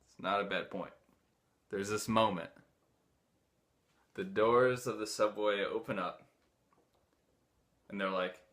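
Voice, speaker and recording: A man's voice: on the low side, slow, pauses often. A young man casually telling a personal story, animatedly acting out the dialogue of the people in it. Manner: animated, acts out dialogue in quoted voices. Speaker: host.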